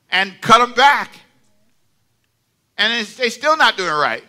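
An older man preaching a sermon as pastor, telling stories with laughs and calling for amens from the congregation. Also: high voice. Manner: animated storytelling with laughs and call-and-response. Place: church sanctuary.

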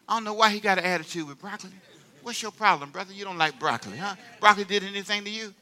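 Male pastor, sermon, animated, call-and-response, brilliant ringing tone. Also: sits high, fast. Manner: animated, playful preaching with laughter and call-and-response.

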